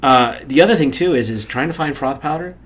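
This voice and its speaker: A man's voice: mid-range voice, a little fast, a bit bright. An older man hosting a casual talk show, joking and rambling with lots of fillers and restarts. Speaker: radio show host. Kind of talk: casual comic chat. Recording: faint background noise.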